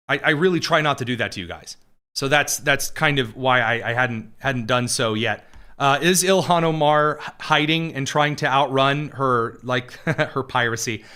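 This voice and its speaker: A man's voice: a little high, bright, forceful tone. A man hosting a political show, chatting casually and bluntly with viewers, digressive with frequent restarts. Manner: blunt and opinionated. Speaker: political commentary show host answering viewer questions. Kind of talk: casual livestream chat.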